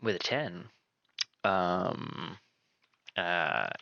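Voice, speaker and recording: A man narrating as game master of a tabletop game, relaxed and descriptive. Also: deep voice, very slow, vocal fry, highs cut off, slight background noise.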